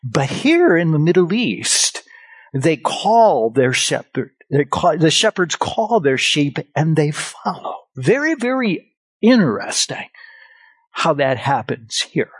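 A man preaching a sermon on scripture, animated and expressive, calling out like a shepherd at times. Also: slow pace, slightly rough, dry recording. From grew up on a farm. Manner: animated, swings pitch, acts out shepherd calls.

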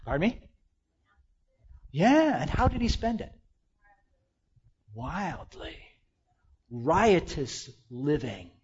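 A man preaching a sermon, leading the congregation in call-and-response and swinging between loud exclamations and hushed asides. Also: a little high, big pitch swings, extremely slow, pauses often, breathy edge, dull audio.

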